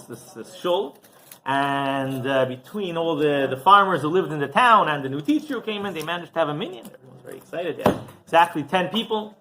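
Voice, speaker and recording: A man, a rabbi, telling a story in a casual, animated sermon with frequent restarts and asides. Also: a little high, slight background noise.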